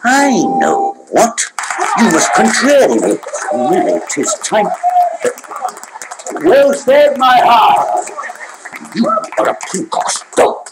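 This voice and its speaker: A man's voice: high voice, huge pitch swings, extremely slow, long pauses, a loud crowd, heavy background noise, heavily acted. An actor playing Lord Capulet, a stern older host who scolds his hotheaded nephew in a commanding tone. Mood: angry, scolding. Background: film score music.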